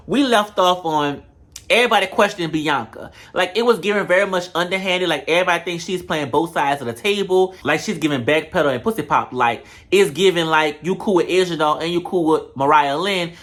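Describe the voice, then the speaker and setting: Sassy host recapping reality tv to camera, mid-pitched, no filter. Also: brisk, a bit bright. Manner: blunt, sassy, talks straight to viewers. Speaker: show reviewer. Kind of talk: casual reality-show recap. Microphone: camera mic.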